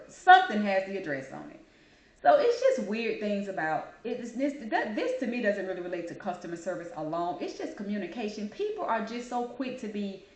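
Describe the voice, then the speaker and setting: Sassy woman ranting in an echoey room. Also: medium pitch. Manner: sassy, animated, calls listener "baby". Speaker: host. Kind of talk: casual opinion monologue.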